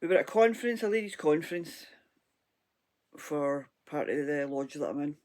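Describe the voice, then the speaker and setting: Hoarse, chatty Scottish woman. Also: low voice, animated, moderate pace, a little mellow. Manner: rambling, chatty, laughs often. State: hoarse, froggy throat. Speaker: crochet vlogger. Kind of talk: casual crafting chat.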